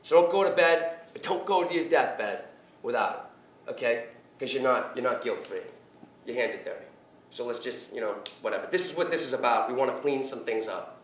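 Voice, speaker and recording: A man giving an animated, blunt recovery talk in a lecture room, joking and swearing as he goes. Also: mid-range voice, a little fast. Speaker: guest speaker on addiction recovery. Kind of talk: informal public talk. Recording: echoey room, distant mic, faint noise.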